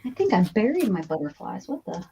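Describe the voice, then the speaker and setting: A woman's voice: medium pitch, big pitch swings, brisk, vocal fry, dark tone, muffled recording, a little hiss or hum. An American woman hosting an art stream, chatting casually and laughing often while she crafts. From United States.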